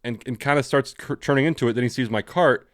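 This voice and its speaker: A podcast co-host with a fast, slightly bright mid-range voice chats casually, spinning rambling stories, acting out his own thoughts, and swearing freely. The recording is studio quality with no echo.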